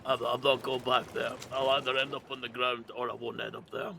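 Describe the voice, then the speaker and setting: A man roleplaying a gruff outlaw in a game, talking crudely with dry humor. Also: medium pitch, little pitch movement, a little fast, noisy background. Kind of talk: in-character roleplay chat.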